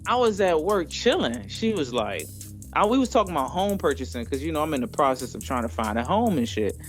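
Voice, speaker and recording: A man's voice: on the high side, big pitch swings, brisk, soft background music. A man co-hosting a podcast, telling stories in loose, profane slang with casual chat energy. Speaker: podcast co-host.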